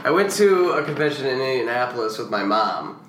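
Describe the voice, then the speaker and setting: A man co-hosts a podcast in loose, casual chat. He rambles, trails off and restarts, and his lively voice carries an echoey room sound. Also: medium pitch, brisk, slight background noise. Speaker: podcast co-host.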